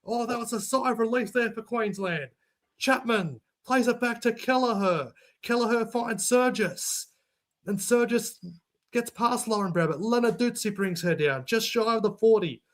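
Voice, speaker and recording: Male sports commentator, high voice, excitable live play-by-play. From Australia. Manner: rapid play-by-play, jumps to shouting on big runs.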